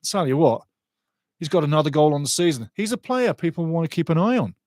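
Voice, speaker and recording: A man's voice: fairly high pitch, animated, quick pace, a little mellow, dry recording. A man hosting a live football watch-along, chatting through scores and match statistics. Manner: chatty, reads out scores and stats.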